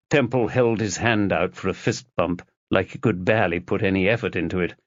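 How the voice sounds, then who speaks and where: A man narrating an audiobook in a measured storytelling manner, in a dull lo-fi recording. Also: low-pitched, no room sound. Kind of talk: scripted narration.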